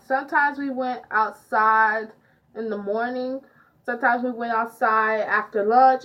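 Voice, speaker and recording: Teen girl, storytime vlog, fairly high voice, slow unhurried pace, dull lo-fi sound. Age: teens. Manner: chatty, filler-heavy, lively retelling. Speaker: vlogger. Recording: dull lo-fi audio.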